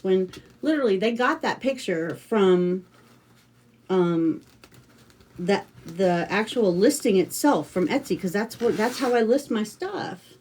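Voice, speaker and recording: Chatty American woman, mellow voice. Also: medium pitch, lively intonation, a little slow, a little hiss or hum. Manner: chatty, rambling storytelling with many fillers. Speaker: craft livestream host. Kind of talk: casual livestream chat.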